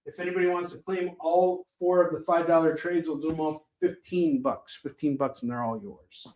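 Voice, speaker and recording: A man hosting a live shopping stream, chatting casually with viewers by name and pitching items between self-mocking jokes. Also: steady tone, normal speed, darkish tone.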